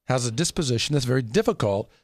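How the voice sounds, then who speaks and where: A man's voice: mid-range voice, animated, fast, dry recording, studio quality. A man coaching in casual chat, talking emphatically and laughing often.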